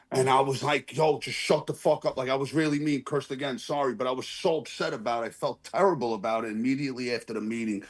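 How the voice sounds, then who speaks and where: Man, husky voice, phone video call, earnest rambling recovery share, apologetic. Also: medium pitch. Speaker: recovery meeting member sharing. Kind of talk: casual heartfelt share.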